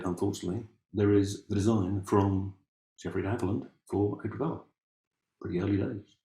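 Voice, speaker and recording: A man's voice: on the low side, warm tone, roomy sound. An Englishman giving a casual, musing talk, wry and full of ums and restarts as he reads from old documents. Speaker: amateur family historian presenting.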